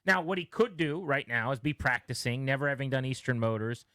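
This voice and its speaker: A man's voice: mid-range voice, brisk, sharp tone, no room sound, clean studio sound. A man co-hosting a sports talk radio show, pressing his partner with rhetorical questions and pushing back.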